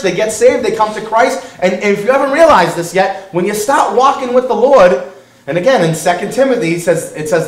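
A male pastor preaching a sermon, animated and quick to act out the voices of other people. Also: very high voice, reverberant, far from the mic, low-quality recording.

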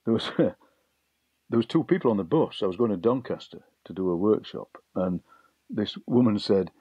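A middle-aged man, a poet being interviewed, telling lively anecdotes and acting out voices he overheard. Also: on the low side, moderate pace, slightly rough, dry recording. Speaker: poet and broadcaster, guest. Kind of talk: interview storytelling. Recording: dull lo-fi dry sound.

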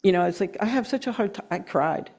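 A middle-aged woman giving an earnest, emotional sermon, slowing down to press her points and laughing at herself now and then. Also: medium pitch, lively intonation, a little mellow. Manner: earnest, emotional, with slow emphatic stretches and laughs. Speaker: guest speaker.

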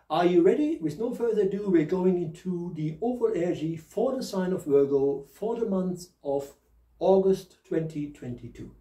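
A man's voice: fairly high pitch, warm tone, roomy sound, distant mic, low-quality recording. A man with a German accent and a slight lisp from new dentures, hosting a chatty, jokey tarot reading. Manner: chatty, jokey, laughs at himself. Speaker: tarot reader and host. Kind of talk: casual spoken tarot reading.

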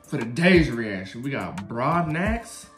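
A man's voice: medium pitch, sing-song, slow pace. A man hosting a reaction video, chatty and hyped, talking straight to his viewers. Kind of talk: casual reaction commentary. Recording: echoey room, faint music behind.

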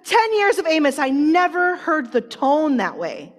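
A woman preacher with a high voice tells stories in a chatty, animated way, full of "like" fillers and quick acted-out quotes. Her voice carries through a large conference hall with a long reverb. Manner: animated storytelling with many "like" fillers, acting out quotes. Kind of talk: sermon.

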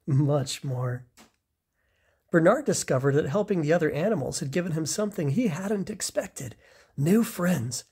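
A reader reading a children's picture book aloud, slow and expressive. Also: medium pitch, breathy edge. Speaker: storybook reader. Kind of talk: children's story read-aloud.

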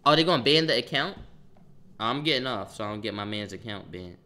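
A young man with a lowish voice tells a story during a casual livestream chat, talking briskly. He's animated and swears freely, breaking off now and then to react to comments from viewers.

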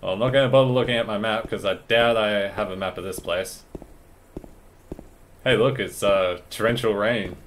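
A man with a low voice talks his way through a horror game playthrough. His commentary is casual and chatty, thinking out loud as he goes. A faint hiss sits behind him. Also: steady tone, normal speed. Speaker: gaming channel host. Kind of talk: let's play commentary.

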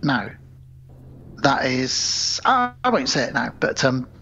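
A man with a gravelly voice walks through a film's plot on a podcast. He goes step by step and slips into the characters' lines as he retells it. The audio is dull and lo-fi. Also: medium pitch, sing-song, slow, pushed and bright. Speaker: podcast co-host. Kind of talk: casual film-recap chat.

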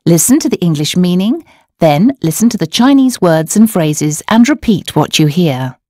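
A woman narrating a scripted language course, explaining words and tones in a clear, measured way. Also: lowish voice, big pitch swings, warm tone, dry recording. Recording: dry studio voice-over.

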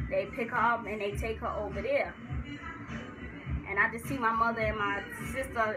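A young woman telling the story of giving birth in a casual vlog, animated and acting out what people said. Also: rough recording. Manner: animated, acts out quotes with rising pitch.

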